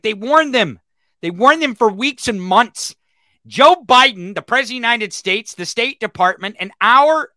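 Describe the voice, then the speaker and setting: A man's voice: sits high, bright, forceful tone, dry recording, clean studio sound. A man giving an angry, profane reaction commentary on a news clip. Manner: angry, ranting, heavy swearing. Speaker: political commentary streamer.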